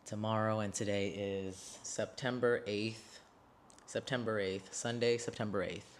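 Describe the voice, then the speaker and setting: Blunt, swearing young man, lowish voice. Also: fairly even intonation, unhurried, a little hiss or hum. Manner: emotional, blunt, swears often; repeats and restarts phrases when worked up. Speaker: vlogger. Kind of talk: personal storytelling to camera.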